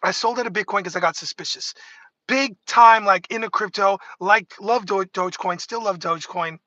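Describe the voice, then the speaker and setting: A fairly high-pitched man with a bright, forceful voice rambles animatedly through a casual livestream chat. He keeps interrupting himself and restarting his thoughts. The sound is dry and close, with little room echo. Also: moderate pace. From New York State. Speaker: livestream host. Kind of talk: casual talk to camera.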